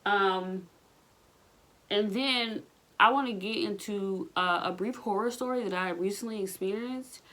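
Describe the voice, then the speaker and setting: A pregnant woman in her thirties vlogging casually while tidying her bedroom, telling candid, animated stories full of slang. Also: mid-range voice, unhurried, far from the mic. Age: 30s. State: pregnant, back aching. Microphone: camera set up across the room.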